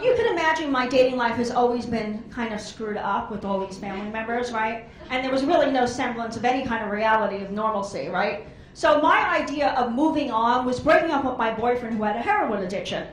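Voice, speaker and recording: A woman's voice: on the high side, brisk. A woman doing a stand-up comedy set on a club stage, telling brash, rambling stories full of quoted voices. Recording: echoey club room.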